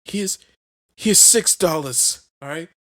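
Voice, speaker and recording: A man's voice: fairly high pitch, slow, fairly bright tone, dry recording. A hungover, weary ex-husband who groggily rattles off a list of demands, as a man puts him on. The voice sits just above the speaker's own and is recorded dry and close. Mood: groggy.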